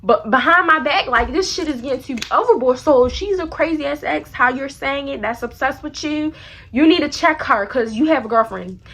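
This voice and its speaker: High-voiced young woman. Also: normal speed. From Baltimore area. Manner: animated, blunt, slangy and profane. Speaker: vlogger. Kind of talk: storytime vlog.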